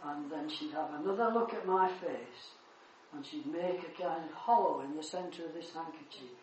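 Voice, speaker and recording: Older man, preacher, animated storytelling, roomy echoing church sound, faint ambience. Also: fairly high pitch, normal speed, a little hiss or hum. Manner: animated storytelling, swells loud on key words. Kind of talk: sermon with personal anecdote. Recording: echoey church room.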